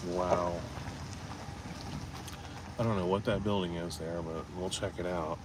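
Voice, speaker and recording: A man's voice: deep voice, fairly even intonation, measured pace. A man rambling casually as he walks city streets and alleys, telling stories and reading chat, with faint traffic behind him. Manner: rambling, storytelling, swears casually. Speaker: vlogger. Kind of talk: casual walking vlog with live chat.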